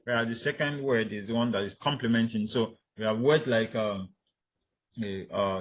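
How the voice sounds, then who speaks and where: A man's voice: mid-range voice, a little slow. A man teaching English stress patterns in a recorded lecture, hesitant with many fillers and restarts, repeating example words for drill. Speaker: instructor.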